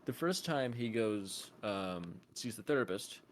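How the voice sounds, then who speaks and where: A man's voice: lowish voice, animated, unhurried, slight background noise. A man streamer chatting casually, rambling with lots of fillers. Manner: rambling, filler-heavy, bursts into loud shouts. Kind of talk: casual chat.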